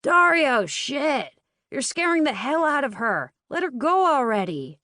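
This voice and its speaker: A woman's voice: a little high, very animated, normal speed, dry recording, studio quality, voice pushed up. A woman voicing a brash young man, a teasing twin brother, in an audiobook. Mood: exasperated.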